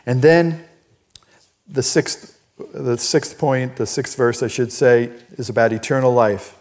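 An older man preaching a sermon as pastor, telling personal stories in an animated, emphatic way. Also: mid-range voice, a little slow. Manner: storytelling, animated and emphatic, laughs at own stories. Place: church.

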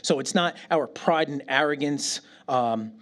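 A middle-aged male pastor preaching a sermon with a slightly raised pitch. He tells stories in animated bursts and drops almost to a whisper when he prays. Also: unhurried. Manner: animated storytelling, dropping to a near whisper in prayer.

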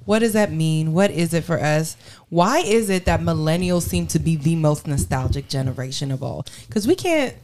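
Low-voiced woman leading podcast talk. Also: lively intonation, moderate pace, a little mellow, slight background noise. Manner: leads the topics, asks the others questions. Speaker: podcast co-host. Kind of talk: casual podcast chat.

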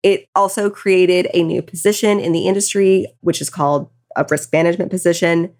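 A woman's voice: on the low side, fairly even intonation, brisk, darkish tone. A tipsy woman co-hosting a podcast, retelling a true crime case casually with angry asides. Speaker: podcast co-host.

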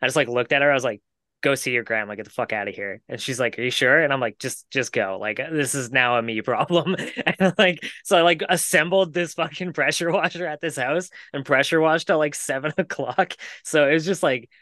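A man's voice: mid-range voice, fairly quick, sharp tone, no room sound, clean studio sound. A man, co-hosting a podcast and telling a long casual story to friends, swearing freely and laughing as he goes. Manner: rambling with many "like" fillers. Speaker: podcast co-host.

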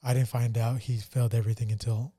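A man co-hosting a podcast, telling a painful family story in a somber, halting way with many fillers. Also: mid-range voice, level tone, dark tone, slightly rough. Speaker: podcast co-host. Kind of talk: casual personal testimony.

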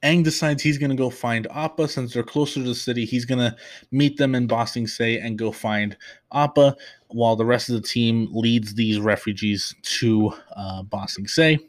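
A man's voice: mid-range voice, steady tone, moderate pace, no room sound. A young man hosting a podcast, chatting through an episode recap with many fillers and restarts, openly emotional. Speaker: podcast host.

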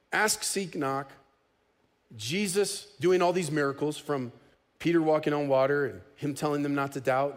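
A man preaching a sermon as pastor, conversational and animated, with casual humor. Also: a little high.

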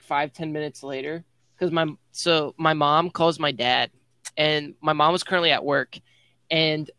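A man's voice: on the high side, pushed and bright, clean tone, no echo. A young man telling a rambling story to friends on a podcast, packing it with "like.". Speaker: podcast guest. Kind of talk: casual chat among friends.

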